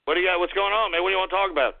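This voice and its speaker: A man's voice: sits high, rapid-fire, creaky. A man hosting a call-in radio show, combative and profane, ranting at callers. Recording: tinny phone-like radio audio.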